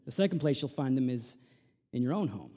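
A man preaching a sermon in a conversational way, full of rhetorical asides, dropping to hushed lines and rising to loud emphatic peaks. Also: mid-range voice, very animated, fairly quick. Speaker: pastor.

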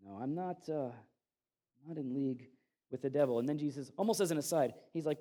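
High-voiced male preacher, lively and conversational, acts out scripture readings. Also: fairly quick. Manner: animated, conversational preaching with dramatic Bible readings. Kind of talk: sermon.

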